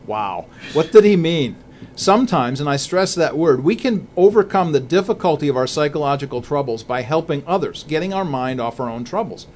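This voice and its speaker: A man's voice: on the high side, lively intonation, fairly quick, hardly any pauses, darkish tone, a little hiss or hum. A man co-hosting a Christian talk show, speaking in an earnest, preacherly way and laying out his points one by one. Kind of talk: conversational faith talk.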